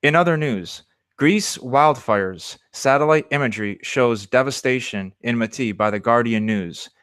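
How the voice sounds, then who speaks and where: Podcast co-host reading the news. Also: male voice, mid-range voice, no room sound, studio quality. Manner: steady, plain news-reading delivery. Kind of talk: reading news aloud, then casual chat.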